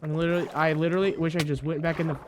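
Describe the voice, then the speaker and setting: A man giving let's play commentary, rambling in exasperation, repeating himself, talking to his viewers and often bursting into loud indignant yelling. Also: fairly high pitch, level tone, rapid-fire, slight background noise. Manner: repeats phrases, talks to viewers. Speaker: gamer, channel host.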